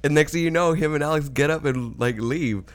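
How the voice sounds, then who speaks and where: A man's voice: fairly high pitch, a little fast. A man co-hosting a casual podcast chat, teasing a friend and laughing often.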